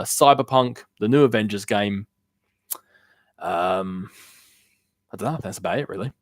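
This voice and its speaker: A man's voice: medium pitch, no echo, clean studio sound. A young man chatting casually on a gaming live stream, rambling loosely and answering viewer questions from chat. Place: home room. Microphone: worn-out desk microphone.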